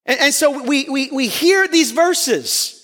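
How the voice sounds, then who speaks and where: A man with an unusually high-pitched voice delivers a sermon. He speaks earnestly and with strong emphasis, at times lifting almost to a shout. His voice carries a long reverb that fills a large hall. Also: animated, slow pace. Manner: earnest and emphatic, rising to near-shouts on key points. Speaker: preacher.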